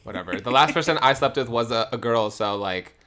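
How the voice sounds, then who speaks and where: A man's voice: mid-range voice, lively intonation, fairly quick, bright, forceful tone. A young man co-hosting a podcast, chatting casually, swearing freely and breaking into laughter. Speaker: podcast co-host. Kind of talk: casual chat.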